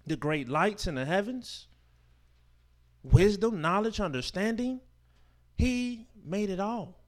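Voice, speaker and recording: A man with a high voice preaches a sermon, reading verses and explaining them. His delivery swings between forceful declarations and hushed asides, slowing down to stress key words and using informal speech and rhetorical questions. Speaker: teacher of a Sabbath scripture class.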